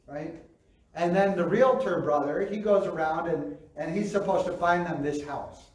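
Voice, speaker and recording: A man's voice: high voice, normal speed, a little mellow. A man preaching a sermon as pastor, in a conversational way, acting out quoted reactions and often asking "right?". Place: church sanctuary. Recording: very echoey hall, voice from far off.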